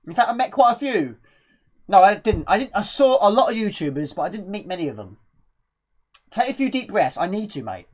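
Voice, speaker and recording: A woman's voice: mid-range voice, sing-song, a little fast. A woman live-streaming a retro game, chatting casually and out of breath, rambling and answering chat questions as she plays. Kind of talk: casual gameplay commentary.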